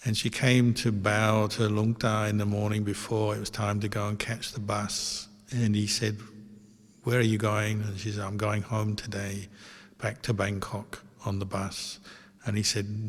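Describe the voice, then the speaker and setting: A man, a Buddhist monk giving a calm, gentle dharma talk through stories. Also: lowish voice, moderate pace. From Australia. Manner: calm, gentle anecdotal telling with fillers. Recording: long reverb, hall.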